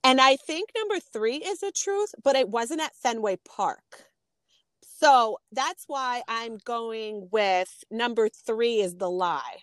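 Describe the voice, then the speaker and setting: A woman's voice: fairly high pitch, lively intonation, slow pace, fairly bright tone, dry recording. A woman co-hosting a podcast in casual chat, reacting with enthusiastic exclamations and laughs. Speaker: podcast co-host.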